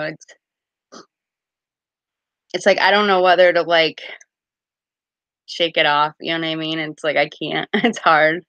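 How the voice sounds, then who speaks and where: A woman's voice: on the low side, fairly bright tone, dry recording. A woman casually chatting on a live stream as a card reader, giggly and full of fillers.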